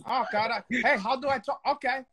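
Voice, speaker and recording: Guy cohosting, loud jokey swearing, lots of stumbles. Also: very high-pitched. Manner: profane, loud, joking, halting restarts. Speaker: co-host. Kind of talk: comedic casual chat.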